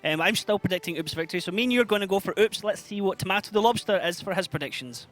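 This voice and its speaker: A man hosting esports commentary, briskly prompting his co-caster with questions. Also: high voice, animated, a bit bright.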